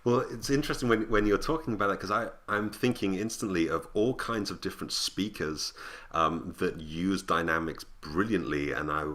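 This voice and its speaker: A man interviewing a voice coach, chatty and quick to laugh. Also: low-pitched, fairly bright tone. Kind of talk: conversational interview.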